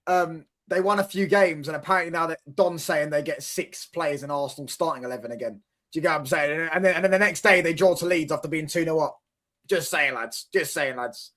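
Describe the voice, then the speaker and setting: A man's voice: fairly high pitch, a little fast, bright, forceful tone. A young man co-hosting a football watchalong, quizzing and teasing his co-host in slangy casual chat.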